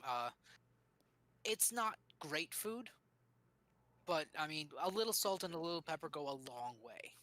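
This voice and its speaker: Game master, male, bright tone, hesitant filler-heavy narration. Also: fairly high pitch, animated, measured pace, pauses often, dry recording. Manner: hesitant, many ums and uhs.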